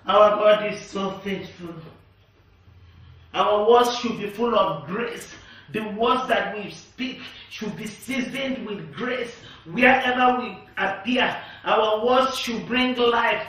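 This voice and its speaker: A woman preaches a sermon at a slow, deliberate pace, repeating each point with emphasis. Her voice sounds distant from the mic in a strongly echoing room. Her tone is bright. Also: a little high. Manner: repetitive, emphatic declarations.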